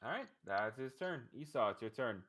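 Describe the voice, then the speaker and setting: A man running a tabletop role-playing game as dungeon master, calling out rules and rolls in a relaxed, matter-of-fact way. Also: mid-range voice, normal speed, slight background noise.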